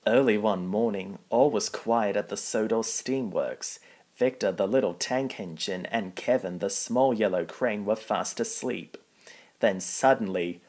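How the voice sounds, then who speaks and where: A man's voice: on the low side, measured pace. A man reading a children's picture book aloud, plainly, with small slips. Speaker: storybook reader.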